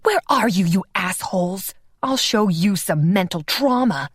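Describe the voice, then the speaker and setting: A woman narrator voicing a fiery, hot-tempered female vampire who snaps and shouts at her accusers. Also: medium pitch, lively intonation, unhurried, slightly rough, no echo, studio quality. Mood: furious. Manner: shouting, combative.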